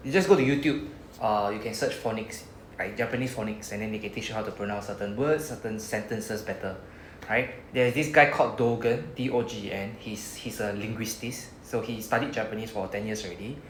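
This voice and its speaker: A man with a Singaporean English accent and a lowish voice teaches a Japanese class briskly in a chatty, casual way, drawing out sounds as he models words. The audio is roomy, with a little hiss or hum.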